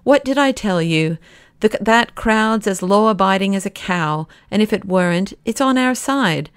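A man's voice: high voice, lively intonation, measured pace, fairly bright tone, clear, resonant tone, no room sound, studio quality, heavily acted. A woman reading an audiobook, voicing a hearty, impatient young male doctor in a raised voice. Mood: gleeful. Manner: blunt, boisterous and impatient.

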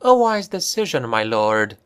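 A man voicing a cunning elf enchantress woman in an audiobook, speaking in a soft, measured, melodious way. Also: medium pitch, sing-song, clear, resonant tone. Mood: silken.

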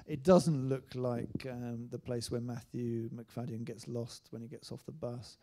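A man's voice: medium pitch, little pitch movement, measured pace, mellow. A man speaking as a writer-director guest in an onstage panel discussion, hesitant, with frequent restarts and fillers.

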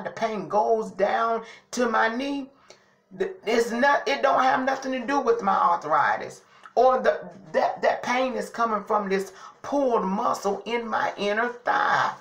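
A woman's voice: mid-range voice, a bit bright. A woman telling a personal story to her viewers in a chatty, testifying way, often saying "y'all". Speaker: vlogger. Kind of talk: casual storytelling to camera. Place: at home. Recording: echoey home room.

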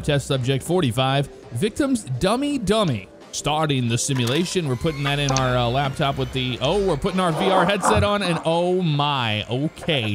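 A man hosting a casual let's-play, commenting in a jokey way, exclaiming and reading game prompts aloud. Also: on the high side. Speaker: gaming video host.

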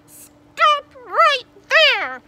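A woman voicing an angry male bus dispatcher barking loudly over a crackling two-way radio. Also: very high voice, animated, moderate pace. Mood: shouting. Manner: barking, loud and demanding.

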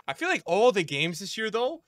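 A man streaming a football video game, talking to his chat in slangy, repetitive commentary that jumps from shouting at the referee to low muttering. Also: sing-song, normal speed, background noise. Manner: swings between shouted outbursts and low muttering; slangy, repeats himself. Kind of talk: live gameplay commentary.

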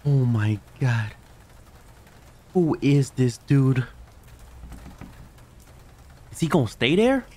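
A man's voice: mid-range voice, expressive, very slow, long pauses, darkish tone. Jumpy man narrating a horror game. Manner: jumpy, talks to viewers, yelps when startled. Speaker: gaming channel host. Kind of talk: horror game let's play commentary.

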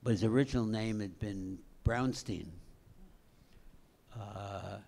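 An older man, a screenwriter, recalling the past on stage in a halting way with many pauses. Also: on the low side, vocal fry, a little mellow. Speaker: screenwriter guest. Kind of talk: reminiscing on stage.

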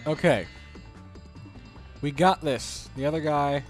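A man's voice: fairly high pitch, slow, faint music behind. A man giving casual, jokey commentary while playing a video game, grumbling at the levels. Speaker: let's play host.

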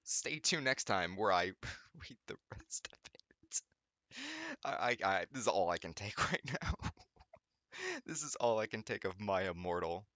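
Man, low-ish voice with a bright, forceful edge, reading aloud in a dry home studio and mocking the text as he goes. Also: animated, moderate pace, no room sound. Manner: stumbling over words, frequently laughing and groaning. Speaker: YouTuber reading fanfiction aloud. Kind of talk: comedic reading with sarcastic commentary.

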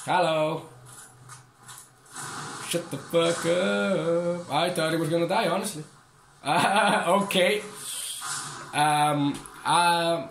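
A man's voice: a little high, a bit bright, echoey room, slight background noise. A young man giving casual gameplay commentary, joking, swearing and taunting the enemies on screen. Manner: profane, joking, talks to the game's enemies. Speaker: gaming channel host.

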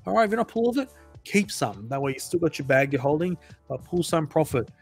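Animated man giving crypto advice. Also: fairly high pitch, fast talker, slightly rough, faint music behind. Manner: animated, emphatic, repeats phrases for emphasis. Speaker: crypto channel host. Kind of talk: casual motivational advice to viewers.

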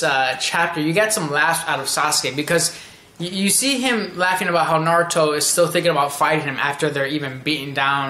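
A man's voice: on the high side, pushed and bright, reverberant. A man giving a casual, rambling anime episode review, often acting out characters' lines.

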